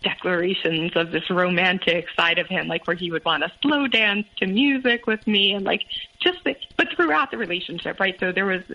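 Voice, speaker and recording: A woman recounting her past relationship as a podcast guest, halting and full of fillers. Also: on the low side, dull audio. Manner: halting, many fillers and restarts. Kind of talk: personal story in interview.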